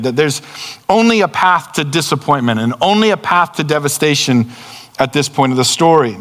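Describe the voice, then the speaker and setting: A man preaching a sermon in an earnest way, slowing down and dropping low to stress key words. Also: fairly bright tone, in a large hall. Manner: earnest, slows down and drops low for emphasis. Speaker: pastor.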